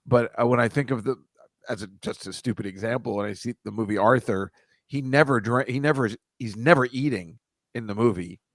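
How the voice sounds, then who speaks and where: A man's voice: medium pitch, brisk, no echo. A man co-hosting a podcast in casual chat, rambling and musing aloud and laughing easily. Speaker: podcast co-host.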